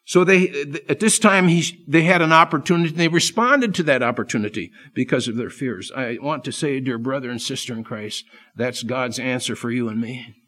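A man preaching a sermon, impassioned, swinging from loud emphasis to hushed, earnest asides. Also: medium pitch, a little fast.

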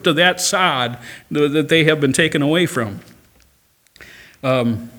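A man preaching a sermon, reading scripture aloud and rising to loud, emphatic passages. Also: fairly high pitch, animated, unhurried. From Catholic upbringing. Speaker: pastor.

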